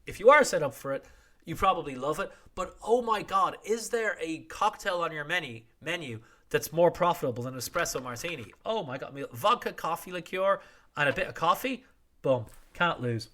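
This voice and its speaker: A middle-aged man talks through a year's news in a casual podcast monologue. His voice sits a little high and swings widely in pitch, with a bright, forward tone. He is wry and irreverent, swearing freely and acting out quotes. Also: animated, normal speed. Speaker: podcast host.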